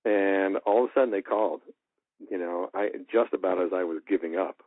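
Animated male voice actor on a tinny line. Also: sits low, brisk, no room sound. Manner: animated, acts out quoted dialogue. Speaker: voice actor guest. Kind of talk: casual storytelling in an interview. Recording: tinny phone-like line, dry.

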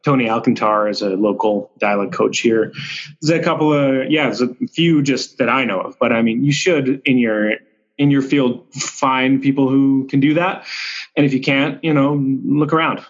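A male actor, a podcast guest, chatting casually in a relaxed, rambling way with frequent restarts. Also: mid-range voice, moderate pace, muffled recording. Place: Vancouver.

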